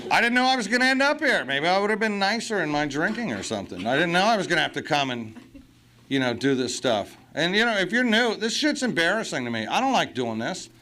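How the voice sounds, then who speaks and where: A man's voice: sits high, very animated, fast talker, pushed and bright. A man speaking at a recovery meeting, blunt and profane, with self-mocking humor. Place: meeting hall.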